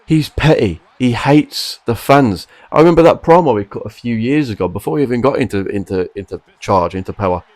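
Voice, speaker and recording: A man's voice: mid-range voice, expressive, fairly quick, hardly any pauses, a little mellow, no room sound. Exasperated man ranting, dry sound. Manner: frustrated, exasperated, emphatic. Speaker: wrestling commentary vlogger. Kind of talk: opinion rant to camera.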